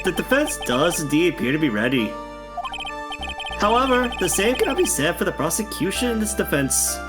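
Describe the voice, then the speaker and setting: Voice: mid-range voice, big pitch swings, normal speed, over loud music, close to an everyday voice. A streamer voicing a ponderous, pompous old male judge in a fan dub of a game. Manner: ponderous, grand.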